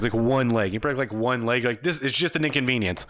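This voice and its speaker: A young man in relaxed podcast chat, laughing through a story and swearing freely. His voice sits at a middling pitch. It is recorded dry and close, with no room sound. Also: fairly quick, no echo. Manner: laid-back, swears a lot, laughs often, acts out quotes in higher voices. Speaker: podcast co-host.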